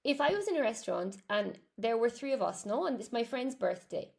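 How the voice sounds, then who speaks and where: A woman's voice: on the high side, big pitch swings, a little fast, creaky, darkish tone. A young Irish woman teaching English on a live stream, chatting as she answers viewers' comments. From Ireland.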